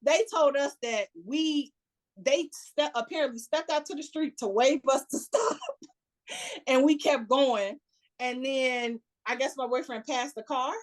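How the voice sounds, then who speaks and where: A woman with a Chicago accent tells a story as a podcast guest in a relaxed, chatty way. She acts out what people said and laughs often. Her voice sits fairly high. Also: unhurried. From United States. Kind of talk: casual storytelling.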